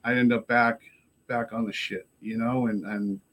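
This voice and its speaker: Man, middle-aged, casual profane storytelling, rambling, mid-pitched voice. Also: fairly even intonation, normal speed, a bit bright. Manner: rambling, profane, frequent 'you know'. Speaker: guest in recovery.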